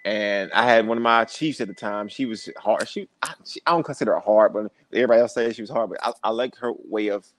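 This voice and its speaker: Animated man telling stories. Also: lowish voice, quick pace, hardly any pauses, no echo. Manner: animated storyteller, acts out quoted voices. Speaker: podcast guest. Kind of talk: storytelling in casual interview.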